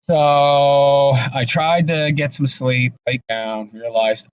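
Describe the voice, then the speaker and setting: Weary, halting man talking to camera. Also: medium pitch, steady tone, no room sound, highs cut off. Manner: halting, subdued, with many restarts and fillers. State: exhausted. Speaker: vlogger. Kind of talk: casual personal vlog monologue. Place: in his car.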